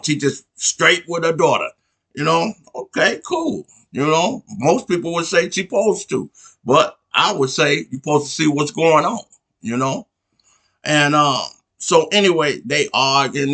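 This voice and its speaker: A man with a gravelly, bright-edged voice, a touch higher than most men. He hosts a podcast and tells a story casually, rambling and often checking in with the listener. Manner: rambling, conversational, many "you know what I'm saying" asides. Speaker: podcast host.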